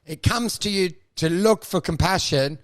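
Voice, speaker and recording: A man co-hosting a comedy podcast, riffing animatedly and jumping into shouted character voices. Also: high-pitched, measured pace. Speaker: podcast co-host.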